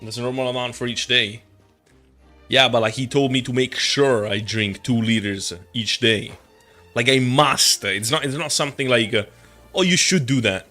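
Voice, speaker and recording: A man's voice: medium pitch, steady tone, normal speed, bright, forceful tone. A young male streamer rambling and joking through a game, his swearing loose and casual. His voice sits mid-range, with faint game music playing under it. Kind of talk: casual livestream chat.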